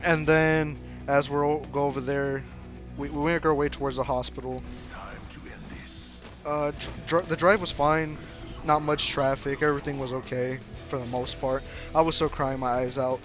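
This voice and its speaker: A man's voice: fairly high pitch, little pitch movement, moderate pace. Young man, casual storyteller, rambling, stumbling restarts, music underneath. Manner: rambling, full of fillers and restarts.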